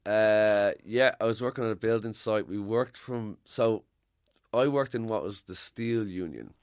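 A man's voice: fairly low pitch, measured pace, clear, resonant tone, dry recording, studio quality. An Irish man in his forties, a podcast guest, telling rambling stories with the odd swear word. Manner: rambling anecdotal storytelling, swears. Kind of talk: casual podcast chat.

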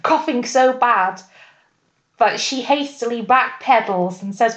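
A woman's voice: a little high, slow pace, a bit bright. A woman co-hosting a podcast, chatting casually and joking about a TV series. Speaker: podcast co-host. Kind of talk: casual chat reviewing a TV series.

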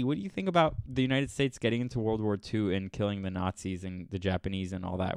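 A man's voice: lowish voice, quick pace, gravelly, hardly any pauses, darkish tone, smooth, dry recording, clean studio sound. A man hosting a podcast, reacting to a clip with incredulous, sarcastic ranting. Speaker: podcast host. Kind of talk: casual reaction commentary.

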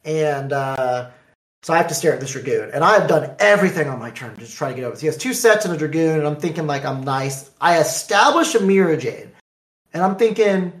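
Animated man telling a story in an echoey room. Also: on the high side, fairly quick. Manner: animated, acts out quoted exchanges. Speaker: card game player recounting a tournament. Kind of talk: casual storytelling.

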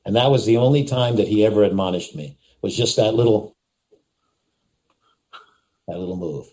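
A man's voice: lowish voice, normal speed, a little mellow. An older man, an actor and interview guest, telling stories vividly, acting out moments and repeating phrases for effect. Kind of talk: animated anecdote telling.

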